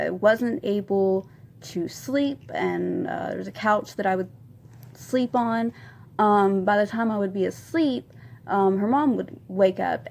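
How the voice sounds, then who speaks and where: A woman in her twenties telling a confessional story as a vlogger, rambling with many ums and soft laughs. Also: medium pitch, slight background noise. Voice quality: gravelly vocal fry. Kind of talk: storytime vlog.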